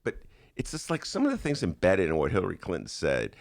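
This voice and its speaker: A man hosting a podcast from a studio, riffing on politics with mocking sarcasm and loose, animated talk. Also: low voice, a little fast, gravelly. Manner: animated, mocking, shifts into put-on voices. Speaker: podcast host. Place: radio studio.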